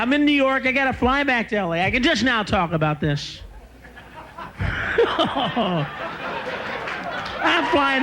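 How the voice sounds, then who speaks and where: A man's voice: extremely high pitch, vocal fry, noisy background. A man performing a stand-up routine, ranting and bursting into shrieking screams. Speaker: stand-up comedian.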